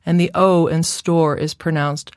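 Low-pitched lady reading a speech therapy lesson, slow and careful, dry close sound. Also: level tone, darkish tone, clean tone, no echo. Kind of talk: scripted instructional narration.

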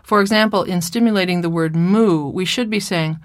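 Measured woman lecturing on speech therapy. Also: on the low side, no room sound, clean studio sound. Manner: measured, clinical, modeling sounds slowly. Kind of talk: recorded lecture with slides.

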